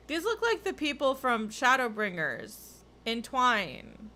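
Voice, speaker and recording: A woman streamer giving chatty, excitable commentary while playing a video game. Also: a little high, slow pace, slight background noise. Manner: chatty, excitable, swears casually. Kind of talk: casual let's-play commentary.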